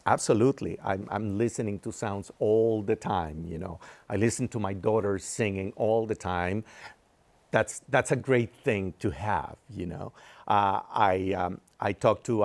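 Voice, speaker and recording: A man's voice: fairly low pitch, vocal fry. A man being interviewed as an engineering executive, who explains technical ideas patiently and uses frequent fillers.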